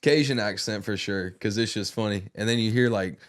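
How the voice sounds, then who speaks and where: A relaxed man co-hosting a podcast, a little hesitant as he picks his words. His voice sits low and comfortable. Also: fairly quick, over a noisy crowd. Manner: relaxed, hesitant, laughs along. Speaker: podcast co-host. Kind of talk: casual chat.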